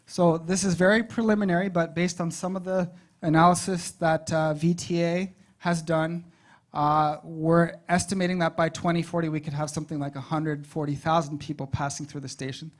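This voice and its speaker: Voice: medium pitch, little pitch movement, moderate pace. A presenter giving a conversational talk at a public advisory meeting, stopping to ask the audience questions. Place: meeting room.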